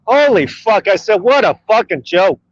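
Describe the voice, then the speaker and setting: Guy ranting and swearing on a live stream from his car, kinda high voice, muffled and dry. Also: sing-song, moderate pace. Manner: profane, rambling, opinionated. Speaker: livestream host. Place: in a car in traffic.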